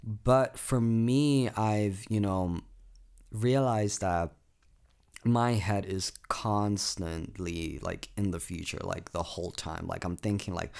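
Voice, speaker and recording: Young man, 18, from south africa, low gravelly voice, rambling podcast monologue, full of fillers. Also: slow, a little mellow. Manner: rambling, frequent "like" fillers, swears freely. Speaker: podcast host. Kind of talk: casual solo podcast monologue.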